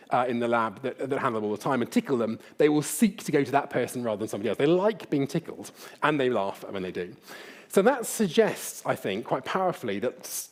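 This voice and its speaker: A man's voice: medium pitch, a little mellow. A middle-aged man giving a public lecture in a hall, speaking conversationally and addressing the audience directly.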